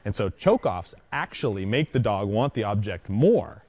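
A man's voice: on the low side, very animated, moderate pace, darkish tone, no echo. A man dog trainer explaining a technique in a casual, conversational teaching style, often checking in with the listener.

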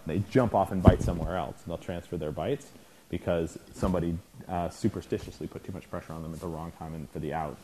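A man's voice: low voice, quick pace, fairly bright tone, a little hiss or hum. A man teaching a clinic for dog trainers, talking conversationally, often checking in with the class and acting out scenes. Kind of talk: informal lecture to trainees.

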